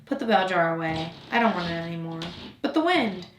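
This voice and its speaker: A woman's voice: lowish voice, animated, a little fast, slight background noise, natural voice. A woman voicing a proud, fragile female flower in a storybook reading, speaking tenderly and pleadingly. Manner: tender, pleading, gently scolding. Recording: roomy echo.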